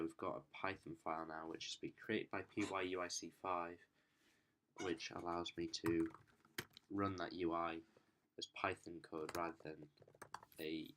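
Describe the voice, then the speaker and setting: A man's voice: low-pitched, noisy background. A man talking informally through a screen-recorded coding tutorial, thinking aloud with frequent ums and self-corrections. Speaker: student developer demonstrating software.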